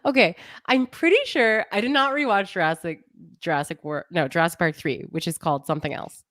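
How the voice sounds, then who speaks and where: A young adult woman co-hosting a podcast in casual chat, animated and often laughing, mock-exasperated as she rants. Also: lowish voice, brisk, dry recording, clean studio sound. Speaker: podcast co-host.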